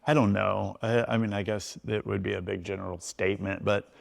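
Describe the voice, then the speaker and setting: A man's voice: on the low side, flat delivery, fairly quick, creaky. A middle-aged man, a tattoo artist and shop owner, talking loosely and casually in a podcast conversation, full of "you know". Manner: laid-back, loose storytelling with frequent "you know".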